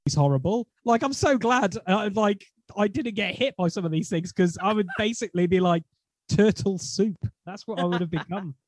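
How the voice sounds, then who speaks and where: A man chatting excitedly as a podcast co-host about a tabletop game. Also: sits high, no room sound. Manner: excitable, laughing, fast bursts. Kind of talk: casual podcast chat.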